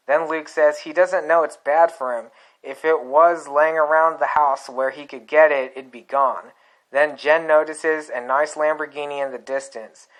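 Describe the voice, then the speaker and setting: A man narrating a screenplay aloud in a plain, unhurried, deadpan way. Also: a little high, low-quality recording.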